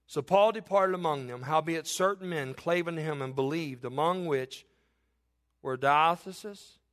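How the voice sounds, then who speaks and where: An impassioned middle-aged male preacher with a high-pitched voice. He reads scripture aloud and presses his hearers, his voice climbing and swelling toward near-shouts when he drives a point home. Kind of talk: sermon.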